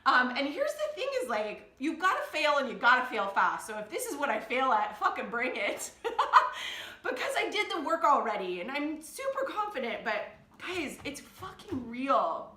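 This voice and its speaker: Talking at normal speed, this woman's voice sits high, with big pitch swings and a sharp tone. She's a life coach recording a confessional vlog on her phone or camera, blunt and emotional, laughing frequently. A roomy echo surrounds her.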